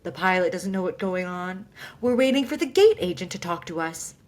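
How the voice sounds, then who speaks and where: A woman voicing an exasperated flight attendant who lectures passengers loudly and sarcastically, in a higher and louder voice than her own. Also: animated, a little fast, natural voice.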